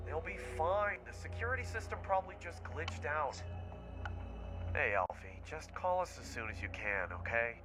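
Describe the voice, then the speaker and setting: A man's voice: on the high side, lively intonation, normal speed, over music, close to an everyday voice. A man playing a worried father leaving urgent, pleading voicemails.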